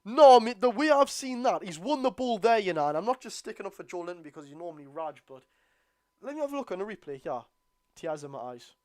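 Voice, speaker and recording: A tired Geordie man hosting a live football watchalong, bursting out at the referee and grumbling low between plays. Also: fast talker, no echo. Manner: excitable outbursts at the referee, then low grumbling asides. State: tired, yawning. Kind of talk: live football watchalong commentary, reading chat.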